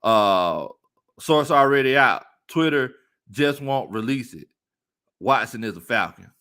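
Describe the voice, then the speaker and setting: A man hosting a casual sports talk stream, reading viewer comments aloud and laughing often. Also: unhurried. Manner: animated, laughs often, jumps into high-pitched squeals. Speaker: sports talk show host.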